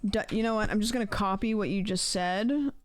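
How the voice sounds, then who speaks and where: Casual rambling woman streamer, smooth voice. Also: medium pitch, a little fast, no echo. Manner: rambling, playful, swears casually. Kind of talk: casual chat, ranking celebrities' texting habits.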